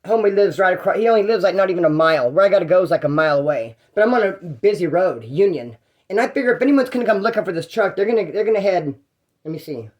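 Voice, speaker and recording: A man's voice: fairly high pitch, a little mellow. A young man telling a story in a casual, slangy, rambling way, with restarts.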